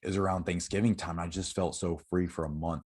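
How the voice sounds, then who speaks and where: Deep-voiced young man telling his story. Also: fairly even intonation, a little mellow, husky. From Florida. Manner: candid, halting, many fillers and restarts. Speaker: podcast guest. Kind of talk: personal storytelling interview.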